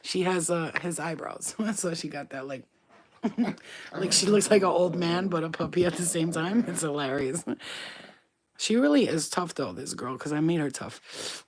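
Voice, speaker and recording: Profane laughing woman, lowish voice. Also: moderate pace. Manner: profane, laughing, playful with her dog. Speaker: vlogger. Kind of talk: casual chat.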